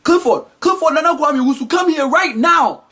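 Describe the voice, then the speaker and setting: A man's voice: sits high, lively intonation, fast talker. A man voicing a lazy African father who calls his son over and barks orders. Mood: commanding. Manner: barking orders.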